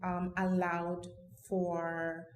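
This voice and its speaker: A woman's voice: fairly low pitch, completely flat delivery, drawn-out words, a little hiss or hum. A middle-aged woman, a podcast guest, telling her personal career story in an earnest, reflective way. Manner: earnest, reflective, many restarts. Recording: roomy echo.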